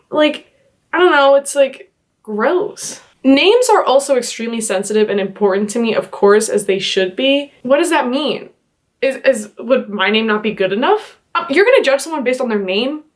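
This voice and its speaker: A young woman vlogger reading posts aloud and reacting in an exasperated, animated way, full of "like" fillers. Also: high-pitched, normal speed.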